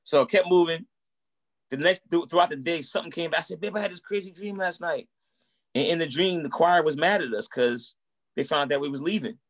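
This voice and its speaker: Fairly high-pitched and brisk, an American man in his thirties recounts his story as a guest in a relaxed interview. A musician and minister, he's chatty and animated, performing what people said along the way in casual conversational storytelling.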